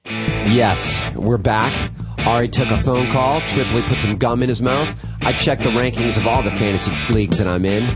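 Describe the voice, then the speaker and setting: A male podcast co-host chatting in an animated, sarcastic way. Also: medium pitch, moderate pace, over loud music. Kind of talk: casual chat.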